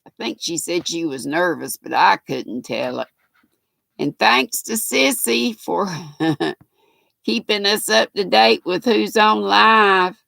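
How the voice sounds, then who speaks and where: In a casual livestream, an older woman with a North Carolina Southern accent reads viewer comments aloud, laughing and chatting in a folksy manner. Her medium-pitched voice is expressive, gravelly, pushed, and bright, and she takes her time. No room sound is audible.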